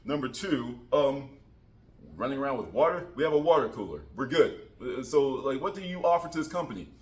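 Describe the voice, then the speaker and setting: A man voicing an impatient male job interviewer who talks in a loud, curt, dismissive way. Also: medium pitch, expressive, fairly quick, natural voice.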